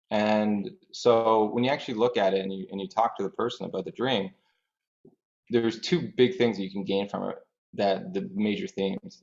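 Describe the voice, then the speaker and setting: Male expert guest, thoughtful explainer, low gravelly voice on muffled audio. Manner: thoughtful, explains through examples. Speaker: grief dream researcher, guest. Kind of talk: podcast interview, explaining. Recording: dull lo-fi audio.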